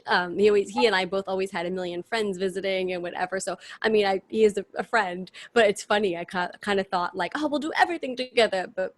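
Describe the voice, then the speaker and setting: A woman, chatting as an interview guest in animated, restart-filled stories over a video call. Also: medium pitch. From New York City. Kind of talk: casual chat.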